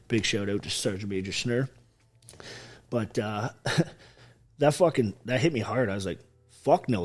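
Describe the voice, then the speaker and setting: A former Canadian soldier in his thirties, appearing as a podcast guest, tells his life story in a casual interview. His voice is lowish, and he swears a lot while retelling events animatedly.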